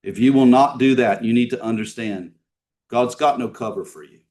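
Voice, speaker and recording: A man preaching a sermon in a conversational style, asking his listeners questions and swinging between emphatic and hushed delivery. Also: medium pitch, moderate pace, distant mic. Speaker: pastor. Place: church sanctuary.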